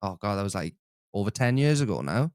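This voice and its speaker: A young man co-hosting a casual stream, telling stories in a relaxed, easygoing way. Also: lowish voice, a little fast. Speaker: co-host. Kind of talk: casual live-stream chat.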